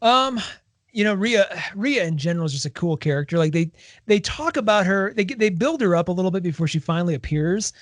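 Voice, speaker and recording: A man with a notably high speaking voice co-hosts a casual book-club podcast. He retells scenes with energy, slipping into quoted dialogue. The sound is dry and close, with no room around it. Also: fairly quick, no echo. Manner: animated retelling, acts out quoted lines. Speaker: podcast co-host.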